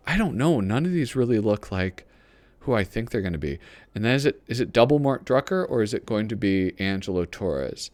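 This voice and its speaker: A man's voice: mid-range voice, no echo. A man hosting a show, giving casual, rambling commentary as he pages through a magazine and reads bits aloud, often poking fun at himself. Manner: rambling and self-deprecating, reads lines aloud. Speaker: host.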